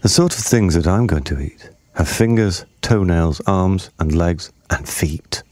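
A man voicing a slow, gloating crocodile. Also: deep voice, a little mellow, dry recording. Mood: sly. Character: sly greedy enormous male crocodile.

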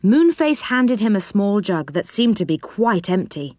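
Slow, measured woman storyteller. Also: medium pitch, big pitch swings, darkish tone, dry recording, studio quality. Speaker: narrator. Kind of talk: children's storybook reading.

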